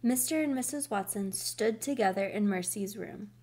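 A woman reading a children's book aloud, slow, careful and expressive. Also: mid-range voice. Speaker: storybook reader.

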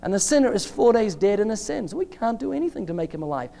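A man's voice: sits high, sing-song, quick pace, creaky, dark tone, a little hiss or hum. A man preaching a sermon in an emphatic style, acting out short dialogues with changing voices.

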